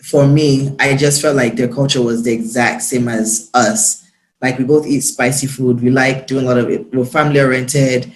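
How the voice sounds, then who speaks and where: A young man from Nigeria, a guest talking in a casual interview, quick and emphatic. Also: mid-range voice, steady tone. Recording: roomy echo.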